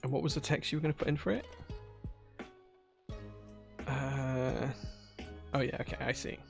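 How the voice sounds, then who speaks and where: A man with a gravelly, fry-edged voice chats casually with his live-stream audience from his workshop. He often drifts into low muttering to himself as he fiddles with settings. Faint music plays softly behind him. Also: steady tone, normal speed. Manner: distracted, muttering to himself while setting up chat commands. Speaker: livestream host. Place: home workshop.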